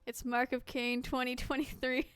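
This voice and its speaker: A woman's voice: sits high, level tone, normal speed, fairly bright tone, smooth, no echo. A woman streamer giving casual, playful commentary while she plays a game, joking and laughing often.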